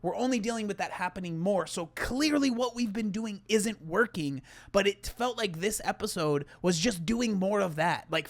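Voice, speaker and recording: Young guy rambling thru a reaction video, lots of "like", kinda high voice, dry close mic. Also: normal speed, few pauses, no echo. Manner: rambling, heavy with "like" fillers and restarts. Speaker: YouTuber reacting to his TV appearance. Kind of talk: casual reaction commentary.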